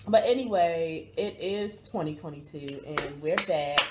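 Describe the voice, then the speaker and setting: A woman's voice: deep voice, a little slow, darkish tone, slight background noise. A woman from Baltimore chatting to camera as a vlog host, cursing freely and talking straight to her viewers. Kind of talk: casual chat to camera.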